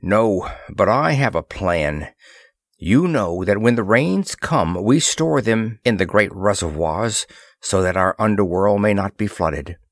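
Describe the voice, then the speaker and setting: Slow, somber underworld chief, man reading, formal, low and dry. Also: expressive, no room sound. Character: grave middle-aged male underworld leader.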